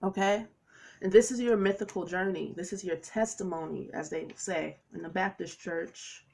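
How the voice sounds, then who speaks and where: Gravelly-voiced woman giving a chatty tarot reading. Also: fairly low pitch, steady tone, moderate pace, darkish tone. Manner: chatty, playful, preachy asides. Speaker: tarot reader. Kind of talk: casual tarot reading monologue.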